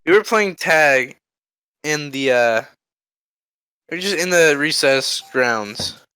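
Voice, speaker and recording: A man's voice: fairly high pitch, animated, slow pace, bright, forceful tone, clear, resonant tone, dry recording, rough recording. A teenage boy telling a rambling story to friends on a casual podcast, laughing and acting out voices. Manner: rambling, laughs often, acts out quoted voices. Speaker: podcast co-host.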